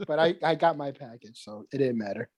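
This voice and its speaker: Man, podcast co-host, animated storyteller, profane, laughs mid-sentence, mid pitch, dry sound. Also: brisk, no echo. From New York. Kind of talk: casual podcast chat.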